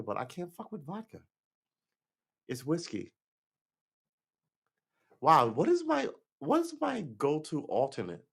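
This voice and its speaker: A middle-aged man hosting a livestream, chatting casually to viewers in a loose, rambling way, swearing and laughing often. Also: mid-range voice. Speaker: livestream host.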